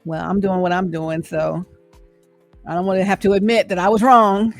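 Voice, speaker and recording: A woman's voice: medium pitch, flat delivery, moderate pace, dry recording, faint music behind. A middle-aged woman giving an encouraging faith talk, repeating her points and checking in with "right?". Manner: preachy and encouraging, repeats phrases, asks "right?". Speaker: host and speaker. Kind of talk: inspirational faith talk to camera.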